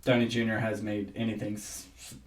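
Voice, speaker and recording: A man co-hosting a podcast in casual chat, animated and laughing often as he mimics voices. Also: lowish voice, brisk, distant mic. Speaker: podcast co-host. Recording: roomy, off-mic sound.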